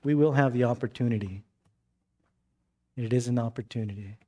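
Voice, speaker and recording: Speaking fairly quickly, a man preaches a lively sermon where his pitch climbs during anecdotes and falls quiet for emphasis; afterward he guides the congregation in prayer.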